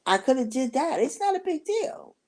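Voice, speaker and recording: An older woman telling a personal story in an unhurried, rambling way, full of asides to the listener. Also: high-pitched, sing-song, darkish tone. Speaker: vlogger.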